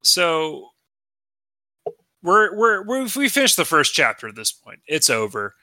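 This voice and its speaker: A man co-hosting a comedy podcast with a piercingly bright, sharp voice. He talks crude and teasing, in a joking chat. The sound is dry and close. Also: fairly high pitch, very animated, a little slow, no room sound. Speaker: podcast co-host.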